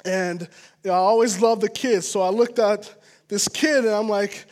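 A man with a strikingly high voice delivers a relaxed, conversational sermon. He talks like a pastor chatting with his congregation, earnest and personal, often pausing to check in with a quick aside. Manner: casual and earnest, with frequent "all right?" asides.

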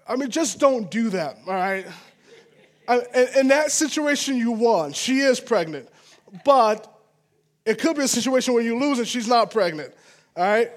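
A man with a strikingly high voice delivers a relaxed, conversational sermon. He talks like a pastor chatting with his congregation, earnest and personal, often pausing to check in with a quick aside. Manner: casual and earnest, with frequent "all right?" asides.

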